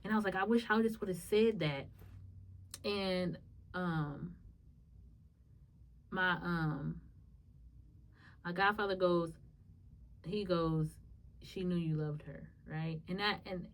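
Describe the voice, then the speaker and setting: A woman hosting a podcast, telling a personal story in a halting, emotional way with many restarts. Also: on the low side, recorded from a distance, rough recording. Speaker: podcast host.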